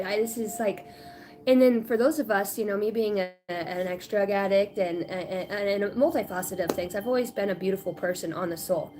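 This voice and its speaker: A woman in her late thirties chatting casually on a spiritual livestream, rambling and animated, often laughing. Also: mid-range voice, normal speed. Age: 30s. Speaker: spiritual reader.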